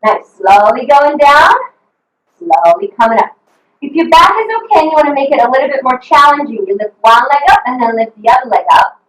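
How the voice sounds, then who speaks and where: A woman's voice: high-pitched, animated, brisk, echoey room, poor audio. Upbeat woman fitness coach, slightly breathless. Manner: upbeat, encouraging, counting reps, whooping. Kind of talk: live online workout instruction.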